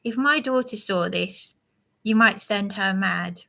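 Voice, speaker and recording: A woman rambling through a live monologue, preaching and sounding aggrieved as she answers a commenter in a slow, halting way. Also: medium pitch, creaky, pushed and bright.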